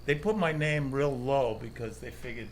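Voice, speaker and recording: Rambling Boston comedian, mid-pitched voice. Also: male voice, moderate pace, a little hiss or hum. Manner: rambling and profane, full of "you know" and "like". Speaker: comedian guest. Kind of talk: casual chat, storytelling.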